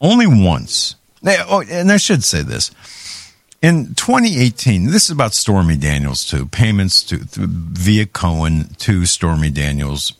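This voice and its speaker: A man's voice: low voice, big pitch swings, a little slow, creaky, no echo. A man hosting a talk show, giving heated political commentary with many restarts and stumbles. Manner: heated, ranting, with frequent restarts.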